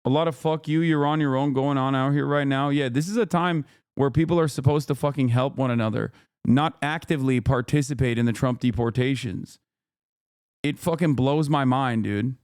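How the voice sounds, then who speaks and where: An exasperated man in his thirties hosts a livestream and rants in casual commentary, swearing freely as he reads posts aloud. His voice sounds smooth and resonant. The sound is dry and close, with no room around it. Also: mid-range voice, normal speed, a little mellow, dry recording. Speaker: streamer host.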